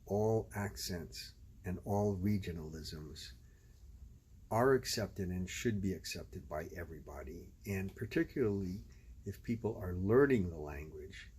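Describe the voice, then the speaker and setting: A man hosting a language video, explaining his view in a measured, casual way. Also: low voice, expressive, a little mellow, slight background noise. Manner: measured, explanatory, switches between English and Spanish. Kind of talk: casual spoken commentary.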